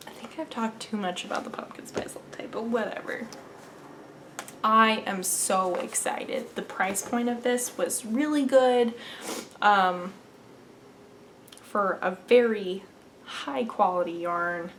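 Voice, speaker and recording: A woman's voice: medium pitch, slow pace, a bit bright, slight background noise. A young woman hosting a knitting podcast, chatting casually and gushing about yarn, sometimes dropping into a whisper. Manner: gushing and enthusiastic, drops into whispers. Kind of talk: casual show-and-tell chat.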